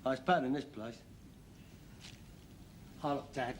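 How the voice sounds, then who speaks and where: An actor playing a sarcastic, mocking middle-aged son in a sitcom. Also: male voice, mid-range voice, unhurried, a little hiss or hum, close to an everyday voice. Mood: coaxing. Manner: sarcastic, mocking, bursts into silly put-on voices. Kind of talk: sitcom acting.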